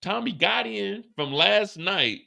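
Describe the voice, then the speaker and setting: A man hosting a live after-show, recapping a TV episode with animated, profane storytelling. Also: high voice, takes it slowly, gravelly. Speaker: host.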